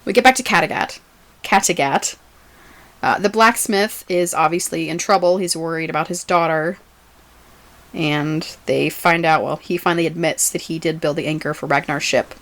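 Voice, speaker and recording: A woman's voice: sits low, steady tone, normal speed, fairly bright tone. A woman co-hosting a podcast, chatting casually and often laughing as she recaps a TV episode. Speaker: podcast co-host.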